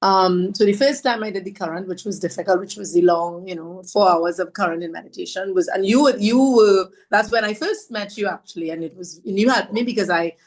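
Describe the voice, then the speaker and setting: A woman from Trinidad, a podcast guest telling her story in an animated, self-mocking way. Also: medium pitch, a little fast, few pauses. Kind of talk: storytelling conversation.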